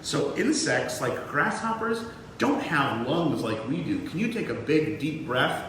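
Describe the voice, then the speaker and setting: A man giving a museum lesson to young children in a lively, sing-song way. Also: on the high side, measured pace, a little hiss or hum. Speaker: museum educator. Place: museum room. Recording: echoey room, mic far off.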